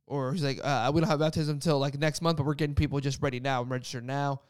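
A man's voice: medium pitch, fairly even intonation, quick pace, smooth, dry recording, clean studio sound. A young man casually telling a personal faith story, rambling with lots of "like" fillers. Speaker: guest sharing a faith story. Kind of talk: casual testimony chat.

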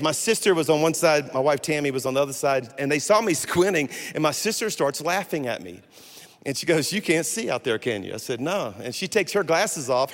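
A man in his sixties preaching a sermon in a church, telling funny stories with lively energy. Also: on the high side. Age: 60s. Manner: animated storytelling with humor. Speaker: guest pastor. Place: church sanctuary. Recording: long hall reverb.

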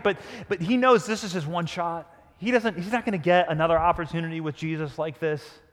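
A pastor preaching a sermon with animated storytelling, often dropping to a hush. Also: male voice, sits high, normal speed, long reverb tail.

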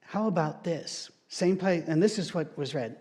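Preacher guy, kinda high voice, tells stories in his sermon, leans hard on his points. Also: normal speed, darkish tone. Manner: storytelling, emphatic, mock-quotes others in shifted voices. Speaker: pastor.

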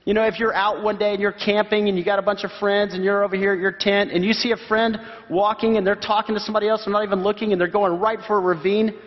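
A man preaches in a high voice, acting out the people in his stories and jumping up into excited shouts. The sound is muffled and a long reverb trails behind him, as in a large church hall. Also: quick pace, hardly any pauses. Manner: animated storytelling with voiced quotes and sudden high exclamations. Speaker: pastor. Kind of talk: sermon.

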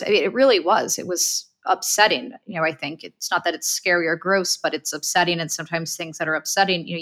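A woman's voice: on the low side, sharp tone. A woman co-hosting a podcast, telling a story earnestly with many casual fillers.

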